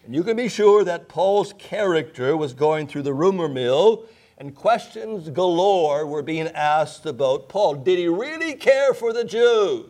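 Guy preaching a sermon, kinda high voice, hammers his points, lots of rhetorical questions. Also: lively intonation, measured pace, a little mellow. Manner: emphatic, repeats key phrases, rhetorical questions. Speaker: pastor.

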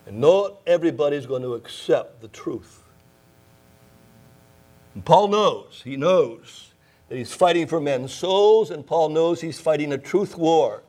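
A man's voice: on the high side, expressive, unhurried, a little mellow. A man preaching a sermon, emphatic, repeating key phrases and asking rhetorical questions. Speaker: pastor.

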